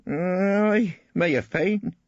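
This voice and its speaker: Voiced by a male reader, an elderly rustic witness answers in short, reluctant country speech, his voice lifted high and a touch husky. It sits close in a dry, slightly dull studio recording. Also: sing-song, unhurried, a bit bright, dry recording, full character voice. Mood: grudging. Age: over 60.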